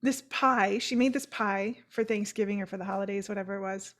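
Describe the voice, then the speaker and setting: A woman's voice: mid-range voice, steady tone, fairly quick. A young adult woman co-hosting a casual chat show, swearing freely, laughing often and telling stories with animation. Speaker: podcast co-host.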